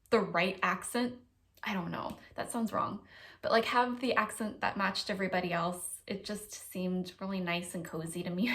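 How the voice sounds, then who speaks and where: A woman with an American accent, chatting casually to camera in a vlog, talkative and self-deprecating with lots of hedges. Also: medium pitch. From United States. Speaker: vlogger.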